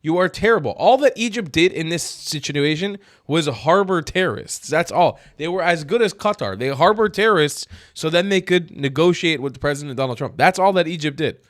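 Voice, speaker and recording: A man hosting opinionated political commentary, cursing freely and swinging from flat asides to loud, exasperated outbursts. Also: fairly high pitch, moderate pace, hardly any pauses, no room sound, studio quality.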